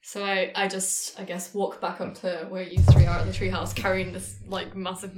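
A woman's voice: lowish voice, flat delivery, moderate pace. A woman playing a tabletop game, chatting casually and trailing off with laughs. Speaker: player. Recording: echoey room with faint noise.

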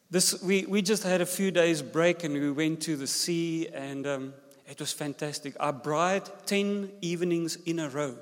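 A man, a senior pastor preaching a sermon with jokes and an animated delivery. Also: high voice. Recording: long hall reverb.

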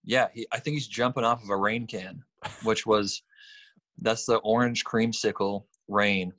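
A man speaking as a musician guest on a podcast, his voice low and a little husky. He answers in short, laid-back replies. The recording is dry and close. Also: fairly even intonation, unhurried, a bit bright, no echo. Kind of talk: casual chat.

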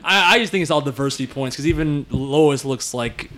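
A young man co-hosting a casual chat, animated and swearing, with quick outbursts of disbelief. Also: mid-range voice. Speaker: podcast co-host.

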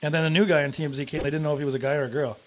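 A man's voice: a little high, fairly even intonation, racing. A man chatting casually as a podcast guest, rambling with many fillers and acting out quotes in voices. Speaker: comedian guest.

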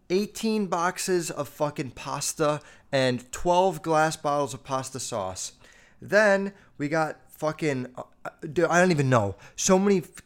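A young American man hosting a casual solo podcast, telling stories in a loose, profane, animated way. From United States. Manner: profane, animated storytelling with quick jumps in pitch and loudness. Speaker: podcast host.

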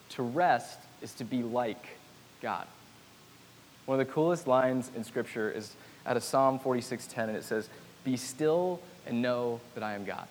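A man delivers a casual, conversational sermon, dropping in nerdy self-deprecating jokes between his points. His voice carries a long reverb tail from a large hall. A faint hiss sits under the recording. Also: medium pitch. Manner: casual, chatty preaching with self-deprecating humor. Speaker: pastor.

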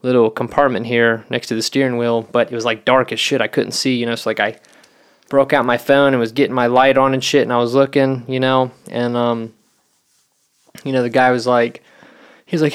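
A man's voice: mid-range voice, flat delivery, fairly quick, clean tone. A man telling a long story in casual chat, rambling and swearing, with lots of "you know". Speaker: podcast co-host.

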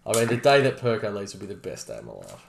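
A man's voice: on the low side, huge pitch swings, fast talker, creaky, echoey room. An Australian man co-hosting a podcast, teasing and mock-serious in casual banter. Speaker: podcast co-host.

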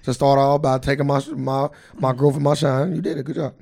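A man's voice: medium pitch, flat delivery, a little fast, vocal fry, mellow. A young man co-hosting a podcast in casual chat, sarcastic and needling, mock-indignant. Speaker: podcast co-host.

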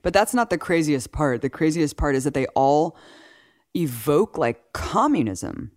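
A woman co-hosting a podcast in casual chat, animated and peppered with 'like'. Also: sits low, measured pace, no echo, studio quality. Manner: animated, heavy use of 'like'. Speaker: podcast co-host.

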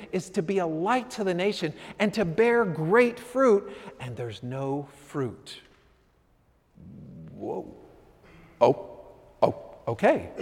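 A man's voice: high-pitched, a little mellow. A man preaching a sermon as pastor, talking conversationally and acting out what his listeners might say, in a church. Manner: conversational, acts out voices of listeners. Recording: long hall reverb.

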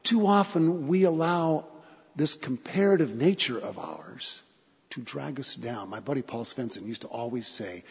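Husky-voiced pastor preaching in a church. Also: male voice, medium pitch, animated, unhurried, in a large hall. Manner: earnest, repeats phrases for emphasis, asks the congregation questions. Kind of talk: sermon.

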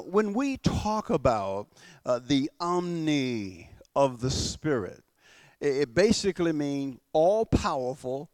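A male pastor preaching a sermon to his church, emphatic and slowing down to stress key words, often repeating and restarting. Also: on the high side, darkish tone, dry recording.

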